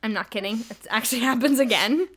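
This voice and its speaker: A woman's voice: fairly high pitch, fast, heavy background noise. A young woman co-hosting a casual podcast, animatedly retelling a novel and acting out the characters' lines. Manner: animated storyteller, acting out quotes in shifting voices. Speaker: podcast co-host recapping a novel. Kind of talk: casual chat.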